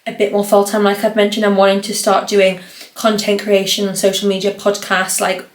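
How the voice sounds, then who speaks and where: A young woman chats through her week on her own podcast, rambling from one thing to the next and leaning on "like" as a filler. Her voice sits at an ordinary middle pitch. The room around her carries a noticeable echo. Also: level tone, fairly quick. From North East England. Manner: rambling, chatty, lots of "like" fillers. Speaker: podcast host. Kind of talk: casual solo podcast chat. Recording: roomy echo.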